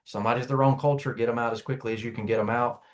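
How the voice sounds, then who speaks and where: A man's voice: mid-range voice, fairly even intonation, rapid-fire. A man giving conversational business advice as a guest coach, casual and full of restarts and filler. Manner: casual, many restarts and "you know".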